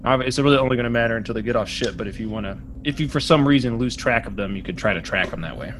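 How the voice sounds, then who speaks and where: A man narrating as game master in a tabletop game, quick and casual. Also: medium pitch, a bit bright, a little hiss or hum.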